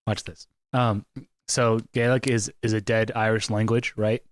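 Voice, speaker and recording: A man's voice: lowish voice, level tone, a little slow, dry recording. A man co-hosting a podcast in casual chat, giggly and silly. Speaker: podcast co-host.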